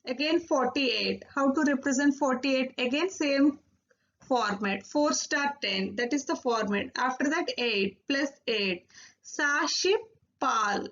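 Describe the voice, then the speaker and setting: A woman teaching a recorded Korean lesson, repeating each word slowly and drilling syllables one by one. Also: high-pitched, fairly bright tone, dull audio.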